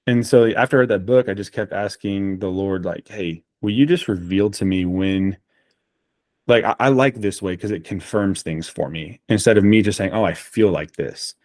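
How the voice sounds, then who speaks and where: Low-voiced man telling stories animatedly. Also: moderate pace, dry recording, studio quality. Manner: animated storyteller, frequent fillers. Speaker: guest. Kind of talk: casual podcast conversation.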